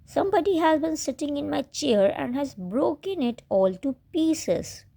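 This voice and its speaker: A woman's voice: sits high, lively intonation, unhurried, gravelly, dark tone, pitched above the performer's own voice, heavily acted. A woman voicing a small crying boy bear cub who wails and sobs. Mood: wailing. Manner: wailing, sobbing.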